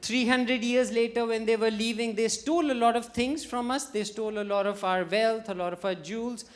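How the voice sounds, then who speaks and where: A stand-up comedian from India, talking in a chatty, halting way with many fillers on a festival stage. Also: medium pitch, fairly even intonation.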